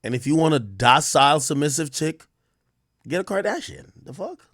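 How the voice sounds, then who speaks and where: A male livestream host from Jamaica rants in crude, joking commentary, his voice sitting a little high and swinging widely in pitch. He sounds dry and close, with no room around him. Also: lively intonation, moderate pace, no room sound. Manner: loud, laughing, crude rants. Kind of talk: profane comedic commentary.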